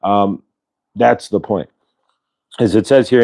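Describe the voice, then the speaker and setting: A man hosting a casual spiritual livestream, reading cards and talking in a rambling, halting way with many fillers and restarts. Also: fairly low pitch, vocal fry, dark tone. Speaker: channeler and show host.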